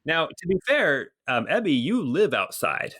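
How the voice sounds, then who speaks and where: A man narrating as game master of a tabletop game, relaxed and rambling with many ums. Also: a little high, unhurried.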